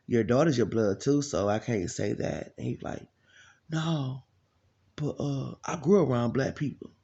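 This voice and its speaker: A man talking as a life coach in a blunt, profane, casual rant, telling stories with loud quoted voices. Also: medium pitch, gravelly, muffled recording.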